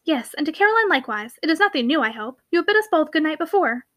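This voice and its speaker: A bold young heiress, playful and commanding, who teases her friends with quick confidence, as a woman reads her. The voice is high and bright, with a sharp ring to it. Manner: lively, teasing and commanding. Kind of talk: audiobook character reading.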